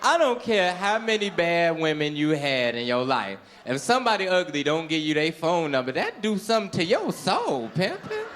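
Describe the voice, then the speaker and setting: Man, stand-up comedian, club stage, handheld mic, animated storytelling, lively pitch. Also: normal speed, hardly any pauses. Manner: animated storytelling with acted-out voices.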